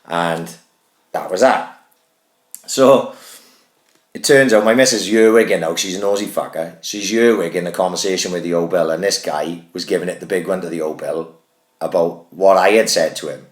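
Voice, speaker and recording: Sweary deep-voiced man telling a story. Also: normal speed, roomy sound. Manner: sweary, animated anecdote-telling. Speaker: podcast co-host. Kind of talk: casual chat, storytelling.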